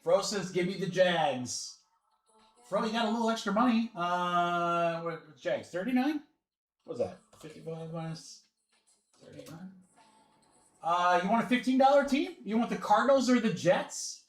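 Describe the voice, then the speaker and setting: During a live card break, the host chats in a relaxed way and calls out names and teams as he goes. His voice is high and expressive at a moderate pace. The recording comes from an echoey room with faint music behind it.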